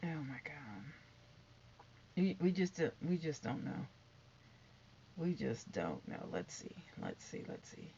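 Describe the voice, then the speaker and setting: A middle-aged woman giving chatty, sassy gossip commentary, sometimes dropping to hushed asides. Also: deep voice, sing-song, a little slow, vocal fry, lo-fi sound, slight background noise. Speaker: commentary vlogger.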